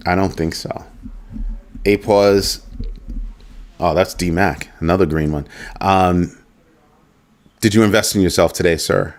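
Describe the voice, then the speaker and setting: A man with a very low voice hosts a casual livestream. He muses aloud, keeps asking rhetorical questions, and stops to read out viewer chat. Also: steady tone, unhurried, long pauses. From United States. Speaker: livestream host.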